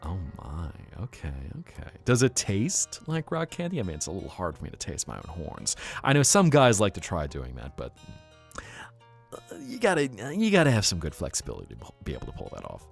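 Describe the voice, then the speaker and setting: Playful lowish-voiced male streamer. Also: huge pitch swings, a little fast, creaky, slightly rough, faint music behind. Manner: playful, teasing, jokey. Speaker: VTuber streamer. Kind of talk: casual live-stream chat.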